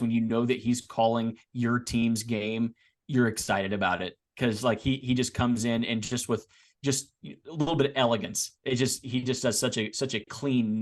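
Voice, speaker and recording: A man co-hosting a casual sports podcast, talking in a rambling way with restarts, getting animated as he makes his points. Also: medium pitch. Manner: rambling, frequent restarts and repeated words. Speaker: podcast co-host.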